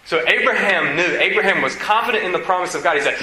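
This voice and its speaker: Animated male preacher in echoey room. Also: high voice, fast, background noise. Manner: animated, questioning, reads aloud then comments. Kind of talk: expository sermon reading scripture.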